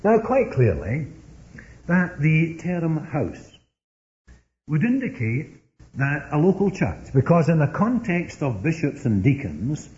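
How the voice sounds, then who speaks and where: A man's voice: a little high, very animated, takes it slowly, dark tone. A man preaching a sermon, telling stories earnestly and pressing his points with rising emphasis. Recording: dull lo-fi sermon recording.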